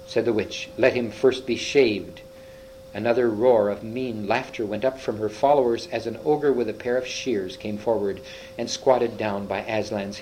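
A man reading a children's fantasy story aloud, slowly and a little haltingly, with small slips and restarts. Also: medium pitch, a little mellow, slight background noise, low-quality recording. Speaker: reader.

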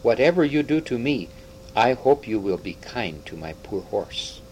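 A man's voice: mid-range voice, sing-song, moderate pace, darkish tone, a little hiss or hum, lightly acted, low-quality recording. A man reading aloud, voicing a weak, injured young prince speaking politely. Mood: feeble. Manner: feeble, polite.

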